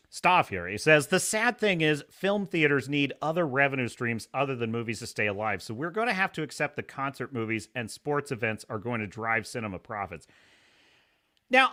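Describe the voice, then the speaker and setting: A man's voice: fairly high pitch, bright, forceful tone. A man hosting a casual livestream, talking animatedly, laughing often and reading chat comments aloud. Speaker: livestream host.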